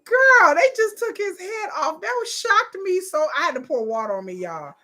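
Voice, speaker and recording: A woman streamer reacting live to an episode, excitable and laughing, swearing freely and mimicking the characters. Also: very high voice, moderate pace. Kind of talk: live watch-along reaction.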